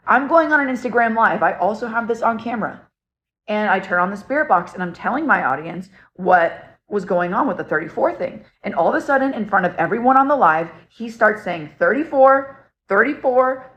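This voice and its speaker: A young woman earnestly telling a personal story to camera in a casual, excitable way, full of fillers. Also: medium pitch. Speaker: paranormal storyteller.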